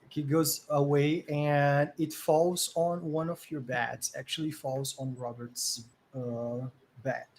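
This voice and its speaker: A man narrates a tabletop horror game as game master. His voice sits a little high, and he paints scenes vividly while pausing on fillers. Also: steady tone, darkish tone, a little hiss or hum.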